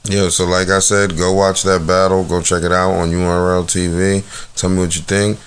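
A man's voice: low-pitched, flat delivery, moderate pace, smooth. A man hosting a casual podcast, giving blunt, profane, rambling commentary full of fillers and restarts. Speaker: podcast host reviewing rap battles.

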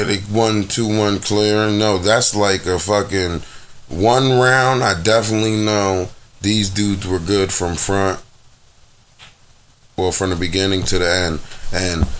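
A man's voice: low voice, fairly bright tone, slight background noise. A man hosting a casual podcast, giving blunt, profane, rambling commentary full of fillers and restarts. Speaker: podcast host reviewing rap battles.

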